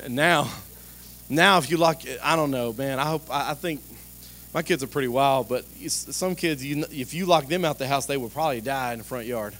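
A man preaching a sermon in a lively, conversational way, joking and asking the congregation direct questions. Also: medium pitch, moderate pace. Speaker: pastor.

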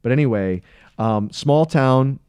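Casual faith-podcast co-host, man, mellow and dry-sounding, earnest and rambling, corrects himself often. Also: mid-range voice, measured pace, smooth, no echo. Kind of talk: casual Bible discussion.

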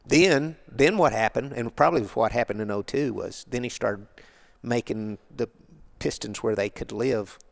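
Gravelly older man telling stories. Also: medium pitch, normal speed, few pauses. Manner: rambling, colloquial. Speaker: interview guest. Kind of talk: casual storytelling.

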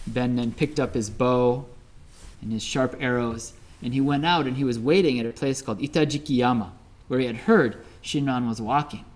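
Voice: mid-range voice, normal speed. Conversational Buddhist preacher telling a story. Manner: conversational, lively, with frequent "right?" asides. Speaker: Buddhist minister. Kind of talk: sermon storytelling.

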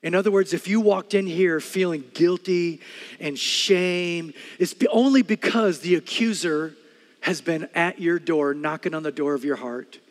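A middle-aged man preaching a sermon as pastor, telling stories with loud bursts and quiet earnest stretches. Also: fairly high pitch, unhurried, long reverb tail.

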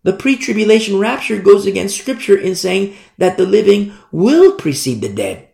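A man's voice: sits high, very animated, moderate pace, vocal fry, a little mellow, echoey room. A male pastor preaching a fiery sermon and acting out scenes from scripture.

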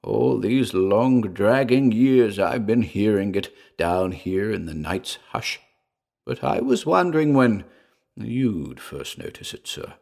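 A man's voice: medium pitch, creaky, a little mellow, husky, exaggerated voice. A man voicing an old male vault caretaker who speaks in old-fashioned, pleading tones. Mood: grim.

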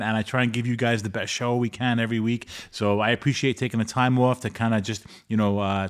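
A man co-hosting a podcast, speaking in a heartfelt, halting way with many fillers. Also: medium pitch. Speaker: co-host. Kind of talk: casual podcast chat.

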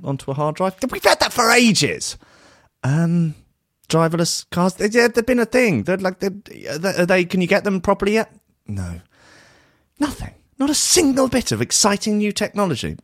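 A man's voice: sits high, sing-song, moderate pace, dry recording, studio quality. Sarcastic British man riffing. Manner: sarcastic, rambling, full of fillers. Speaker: podcast host. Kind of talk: comic monologue.

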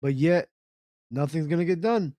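A man's voice: on the high side, normal speed, mellow, dry recording. Ranting man hosting internet radio. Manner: ranty, repetitive, asks rhetorical questions. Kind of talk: ranting live-stream commentary reading chat.

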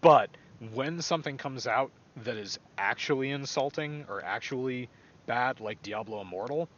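A man hosting a casual podcast chat, animated and quick to laugh and swear. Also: medium pitch, lo-fi sound, a little hiss or hum. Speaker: podcast host.

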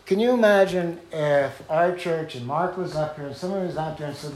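A man delivers a sermon in an earnest, conversational manner, voicing the people he quotes and sinking to a soft, low tone on key phrases. He talks a little fast with few pauses, and there's a faint hiss or hum.

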